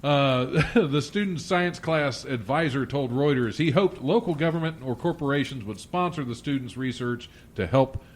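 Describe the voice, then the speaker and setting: A man's voice: mid-range voice, moderate pace, few pauses. A man hosting a podcast in casual chat. He reads odd news stories aloud and keeps breaking into laughter as he jokes. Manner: jokey, laughs often through his own reading. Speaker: podcast host.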